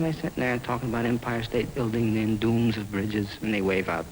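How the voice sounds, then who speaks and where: A man's voice: on the low side, steady tone, fairly quick, background noise. A man narrating a film in improvised spoken word, rhythmic and free-associating.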